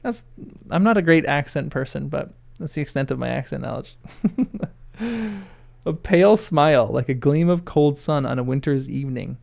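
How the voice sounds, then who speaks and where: A man's voice: fairly high pitch, expressive, normal speed, gravelly, a little mellow. A man reading a novel aloud for the first time, breaking off for laughing, self-deprecating asides. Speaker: first-time book reader.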